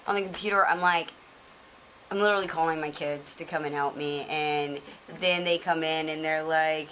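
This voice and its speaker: A middle-aged woman chats on a podcast, poking fun at herself and cursing casually. Her voice sits a little low but sounds bright and forceful. A faint hiss sits under the recording. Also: steady tone, normal speed, poor audio. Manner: chatty, self-mocking, swears casually. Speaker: podcast guest. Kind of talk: casual chat.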